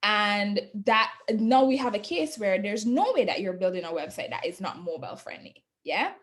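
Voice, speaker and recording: A woman giving a casual webinar presentation on digital marketing, chatty, laughing often and checking in with "right?". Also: fairly high pitch. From not from Jamaica.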